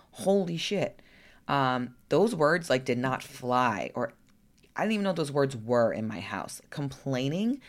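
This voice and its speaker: A woman coach talking candidly in a personal vlog, frank and chatty, now and then cursing and asking rhetorical "right?" questions. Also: a bass voice. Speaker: lifestyle coach.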